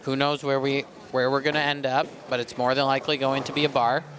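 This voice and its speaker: A man's voice: mid-range voice, level tone, fast talker, noisy background. A young Canadian man with a Canadian accent, chatting casually as a bowling commentator in a laid-back, slangy way. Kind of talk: casual chat on a bowling broadcast.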